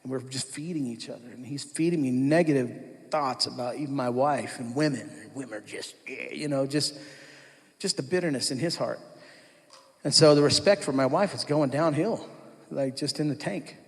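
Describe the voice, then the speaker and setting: A man in his thirties recounts his testimony in a loose, conversational way, full of restarts and asides. His voice sits in an ordinary middle pitch. The sound rings with the long reverb of a large church hall. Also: moderate pace. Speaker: speaker giving a testimony. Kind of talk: personal testimony talk.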